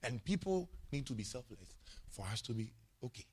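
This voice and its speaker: A man's voice: medium pitch, big pitch swings, moderate pace, a little mellow, breathy edge. A male pastor preaching a sermon, emphatic and repetitive, often checking in with his congregation.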